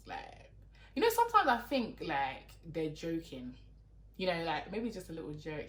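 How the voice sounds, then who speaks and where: Her fairly low voice has a sing-song lilt and moves at a moderate pace as this young Londoner chats to her YouTube camera. Exasperated and full of talk, she says "like" constantly, and the recording has a roomy echo.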